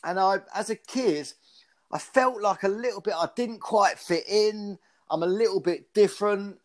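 A man from the UK in his fifties tells stories as an interview guest, in a slightly higher voice than usual. He restarts his phrases often and talks with animated energy. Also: moderate pace. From United Kingdom. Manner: animated storyteller with frequent restarts. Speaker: guest, former pro boxer and speaker. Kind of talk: casual interview storytelling.

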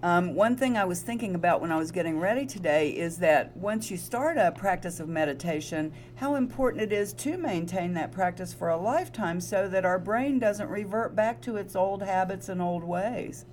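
A woman co-hosting a wellness talk show as a nurse. She affirms her partner warmly and explains things in casual chat. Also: on the low side, expressive, normal speed, hardly any pauses, slight background noise. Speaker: co-host, registered nurse.

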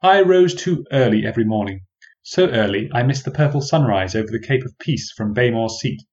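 A man's voice: mid-range voice, expressive, a little mellow, muffled recording. Wry man narrating an old-fashioned tale. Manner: measured, wry and old-fashioned formal phrasing. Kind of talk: first-person storybook narration.

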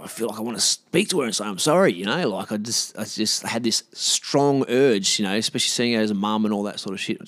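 A man's voice: lowish voice, no room sound. Sweary Australian man telling a story. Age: 30s. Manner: rambling, candid, sweary, quotes himself in voices. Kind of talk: casual storytelling monologue.

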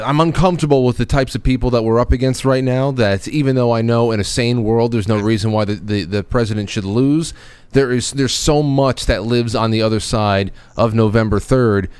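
A man hosting a talk show in casual chat, often halting and restarting his sentences. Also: medium pitch, clean tone, no room sound. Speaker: podcast host.

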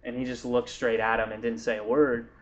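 A man's voice: medium pitch, level tone, fairly quick, highs cut off. A man giving a sermon at church in a loose, conversational way, full of fillers and restarts. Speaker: pastor. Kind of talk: casual sermon. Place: church hall.

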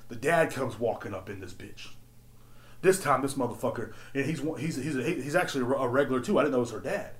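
Profane, animated man ranting, echoey room. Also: mid-range voice, brisk. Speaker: podcast host. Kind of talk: casual storytelling rant. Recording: roomy echo.

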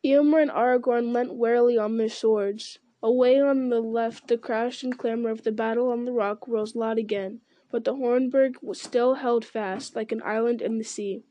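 A woman's voice: fairly high pitch, normal speed, no room sound, lo-fi sound. Woman reading a fantasy novel aloud. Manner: steady reading with small stumbles and self-corrections. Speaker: reader.

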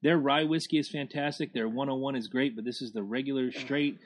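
A man's voice: medium pitch, steady tone, a little fast. A man co-hosting a casual podcast, loose and joking, swearing freely in banter with his friends. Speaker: podcast co-host.

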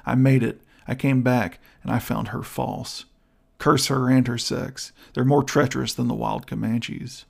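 A man's voice: mid-range voice, fairly even intonation, measured pace, vocal fry, husky, heavily acted. A man voicing a savage, bitter hunter. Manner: curt, harsh, abrupt replies. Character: savage bitter male hunter, blunt and brooding. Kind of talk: audiobook character voice.

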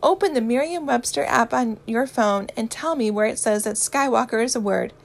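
A woman voicing an indignant, theatrical young man who gets worked up and speaks in slow, emphatic bursts. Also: fairly high pitch, creaky. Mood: exasperated. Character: indignant dramatic young man, easily outraged.

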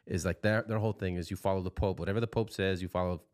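A young man co-hosting a casual podcast, explaining things in a dry, deadpan way and often trailing off into quiet mumbles. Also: low voice, racing. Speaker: podcast co-host. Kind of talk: casual chat.

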